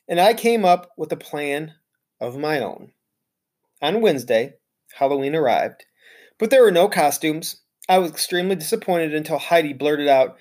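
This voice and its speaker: A man's voice: on the high side, moderate pace. Man reading a children's book aloud. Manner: expressive, storytelling. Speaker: teacher.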